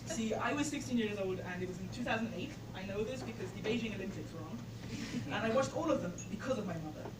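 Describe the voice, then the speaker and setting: A woman in her twenties from England tells a story live on a bar stage, her mid-range voice quick and lively in intonation. She's chatty, uses many fillers, and laughs at her own tale. A distant camera mic gives a roomy recording with loud crowd noise.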